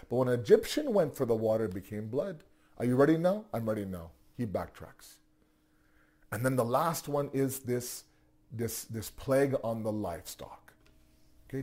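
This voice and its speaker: A man telling a religious story in a sermon, animated, asking rhetorical questions and often restarting his sentences. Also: mid-range voice, slightly rough. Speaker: religious teacher.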